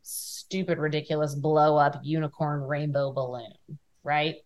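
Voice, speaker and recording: A woman hosts a podcast interview in a conversational manner and ties what her guest says back to her own work. Her voice sits slightly low. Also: fairly even intonation, measured pace, darkish tone. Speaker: podcast host.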